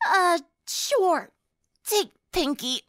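A woman's voice: very high-pitched, lively intonation, very slow, a bit bright, no echo, clean studio sound, pitched above the performer's own voice, heavily acted. A woman voicing a brash, tomboyish young woman. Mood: blunt.

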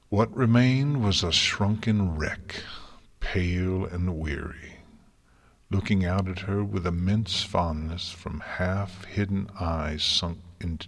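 A man narrating a story in a slow, hushed, solemn way, sometimes dropping to a whisper. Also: low-pitched. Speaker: story reader. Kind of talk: narrating fan fiction. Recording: long hall reverb.

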